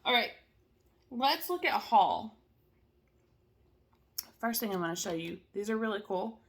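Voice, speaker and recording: A woman's voice: medium pitch, lively intonation, measured pace. A tired woman chatting casually to camera at home, rambling with lots of fillers and asides. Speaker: cross-stitch vlogger.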